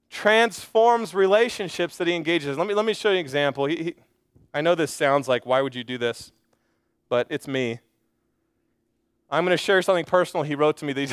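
A man preaching to his congregation from a church stage, earnest and conversational, tossing in quick asides and repeating his key phrases. His voice sits high for a man and comes through smooth and resonant. The sound is dry and close. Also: a bit bright, no echo. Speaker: pastor. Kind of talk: sermon.

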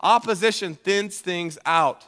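A man preaching a sermon to his congregation in a casual, energetic way, often restarting his sentences. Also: high-pitched, a little slow. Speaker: pastor. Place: church sanctuary. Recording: long hall reverb.

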